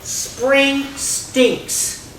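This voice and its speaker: Woman reader doing a cranky male storybook character, shouty, in a big echoey room, mic at a distance. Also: mid-range voice, expressive, unhurried, voice pushed down, natural voice. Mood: grumpy. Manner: shouted growly complaints. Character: grumpy male character who hates spring.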